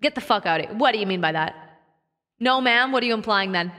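A woman's voice: medium pitch, lively intonation, fast, sharp tone, dry recording, clean studio sound. A woman streaming as a VTuber in casual chat, swearing freely and breaking into laughter often. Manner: profane and giggly, swears often and laughs a lot.

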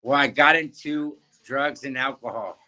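A man giving a fervent personal faith testimony in an interview, halting and often repeating his words. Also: medium pitch, sharp tone, low-quality recording.

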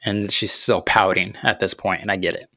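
A man's voice: low voice, steady tone, sharp tone, no room sound, studio quality. A man in his thirties, a podcast host telling a personal story about faith and parenting in an earnest, reflective way. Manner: earnest, reflective, unhurried, with thoughtful pauses.

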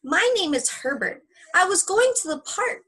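A woman reading as a little boy, high and upset. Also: very animated, moderate pace, bright, forceful tone, heavily acted. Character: young boy who lost his book.

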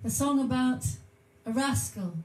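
A woman's voice: high-pitched, unhurried, a little mellow. A woman co-hosting a live music stream, chatty and giggly, with enthusiastic casual banter. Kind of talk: casual chat between songs. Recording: roomy echo.

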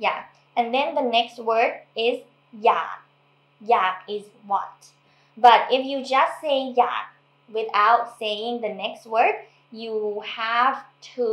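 A woman from Thailand casually teaching language, explaining patiently and repeating words slowly. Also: fairly high pitch, fairly bright tone, echoey room, rough recording.

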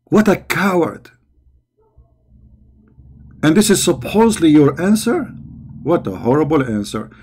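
A man speaking somewhat high, commenting on a video he is reacting to. He mocks and argues back in a sarcastic way, often repeating words with heat. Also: big pitch swings, measured pace, pauses often, a little mellow, slightly rough.

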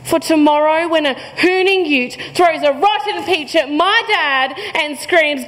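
High-voiced young Australian woman poet. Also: measured pace, hardly any pauses, fairly bright tone. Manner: rhythmic, rhyming, punchy delivery; playful banter with the crowd. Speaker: spoken word poet. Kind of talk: spoken word poetry performance. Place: hall before a live audience. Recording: reverberant hall.

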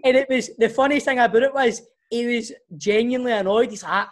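A man with a Scottish accent, a co-host who tells animated, teasing stories about his friends. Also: very high voice, a little fast. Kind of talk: casual banter.

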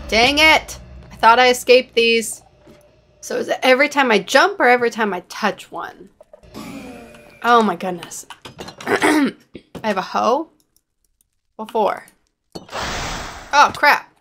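A woman's voice: a little high, lively intonation, slow pace, long pauses, fairly bright tone, slight background noise. A woman giving running commentary on her own gameplay, exasperated and self-mocking as she fails and retries. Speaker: gaming channel host.

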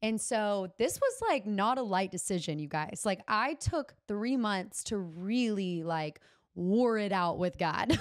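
Young adult woman, podcast host; heartfelt personal storytelling, mid pitch, dry close mic. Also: animated, unhurried, no echo. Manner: earnest, heartfelt, uses Southern "y'all".

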